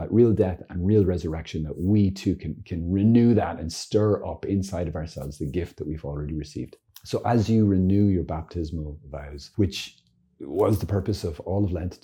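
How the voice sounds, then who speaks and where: A man, a priest, giving an informal teaching talk, earnest and lively with joking asides. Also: deep voice, slightly rough. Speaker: Catholic priest.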